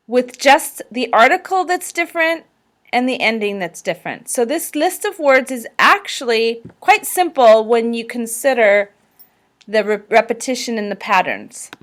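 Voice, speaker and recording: A woman teaching vocabulary in a recorded slideshow lesson, speaking carefully and pausing for listeners to repeat. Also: a little high. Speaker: language teacher.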